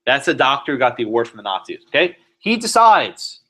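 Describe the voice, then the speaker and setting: A man, a law professor, giving a classroom lecture, animated and sometimes sarcastic, putting questions to students. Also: medium pitch, fairly quick, few pauses.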